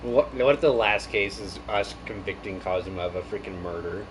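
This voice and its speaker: A man chatting casually while playing a game, laughing a lot and rambling excitedly. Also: on the low side, a little fast, low-quality recording. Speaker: game show host. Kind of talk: casual gameplay banter. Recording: game music playing behind.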